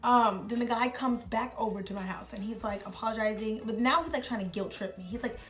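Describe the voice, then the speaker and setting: A woman's voice: on the high side, brisk, soft background music. A young woman vlogger telling a story in a rambling, casual way, full of filler words. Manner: rambling, heavy use of filler "like".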